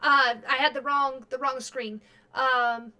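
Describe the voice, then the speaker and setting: A high, bright woman's voice from a streamer who is worn out late at night. She rambles through casual chat, stops and starts, and fills the gaps with ums and uhs. She talks close into a desk mic. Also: flat delivery. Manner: rambling, halting, many fillers and restarts. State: very tired.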